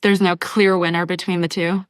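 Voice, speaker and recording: A woman's voice: lowish voice, little pitch movement, moderate pace, smooth, dry recording, studio quality. A woman hosting a business podcast, summing up her guest's points and asking follow-up questions. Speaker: podcast host. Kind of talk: interviewing.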